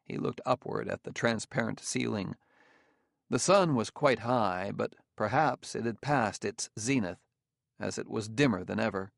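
A man reading an audiobook in steady, even narration. His voice is gravelly and recorded dry and close to the mic, with no room sound. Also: lowish voice, a little slow, no echo. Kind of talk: scripted narration.

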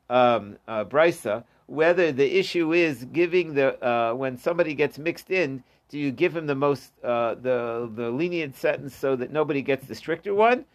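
Gravelly man teaching Talmud. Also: on the high side. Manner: reads Aramaic then explains in English, with many fillers and restarts. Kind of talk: informal Talmud class.

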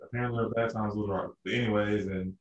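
A man's voice: fairly low pitch, steady tone, very fast, far from the mic, lo-fi sound. A man from Arkansas telling a rambling story in casual chat, with many restarts and fillers. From Arkansas, USA. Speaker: podcast co-host. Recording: roomy echo, a bit off-mic.

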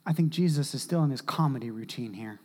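Male pastor, sermon delivery, very animated, wide swings from shouting to near-whisper. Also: medium pitch, quick pace.

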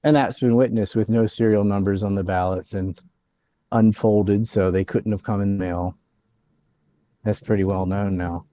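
A man's voice: on the low side, fairly even intonation, moderate pace, warm tone, dull audio. A man hosting a casual political chat, blunt and opinionated, ranting about the news.

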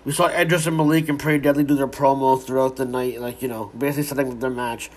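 A man's voice: mid-range voice, fairly even intonation, fast. A man giving a casual, rambling recap of a wrestling show, with frequent restarts and some swearing.

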